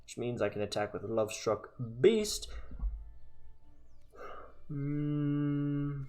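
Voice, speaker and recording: A man's voice: fairly high pitch, very slow, dark tone, faint music behind. A man casually commentating his own card game match, chatty and sarcastic, thinking aloud as he plays. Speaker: gaming content creator.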